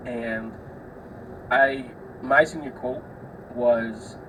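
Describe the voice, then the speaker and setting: A man's voice: mid-range voice, fairly even intonation, drawn-out words. Young guy podcasting solo, casual rambling stories, swears a bit, mic a little far off, faint hiss. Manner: chatty, swears freely, acts out the people in his stories. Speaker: podcast host.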